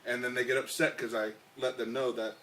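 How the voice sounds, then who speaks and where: A man co-hosting a casual podcast, telling rambling stories with swearing and halting restarts. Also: mid-range voice, little pitch movement, a bit bright, echoey room, a little hiss or hum. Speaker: podcast co-host. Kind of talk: casual chat.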